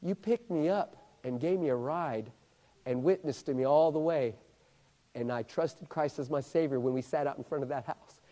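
A man voicing a quiet young man who recalls his conversion, in a low, hushed voice. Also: normal speed, natural voice, poor audio. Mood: earnest.

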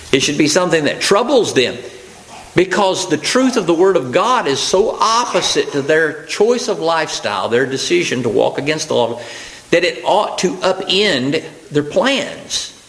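A man's voice: on the high side, a bit bright, low-quality recording. A man preaching a sermon, his voice rising to emphatic preaching at key points, with fillers and restarts.

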